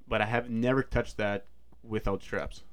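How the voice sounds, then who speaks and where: A man, a powerlifter, chatting casually and telling a lifting story with excited restarts. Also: fairly low pitch, moderate pace, smooth, no echo. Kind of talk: casual chat.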